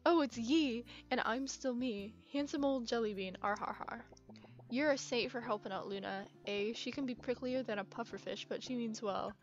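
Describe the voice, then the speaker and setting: A woman's voice: fairly high pitch, normal speed, natural voice. Jellybean, a woman putting on a jolly old seal sailor. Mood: hearty. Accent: put-on pirate accent. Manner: loud, hearty, pirate growls. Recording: muffled, with game music.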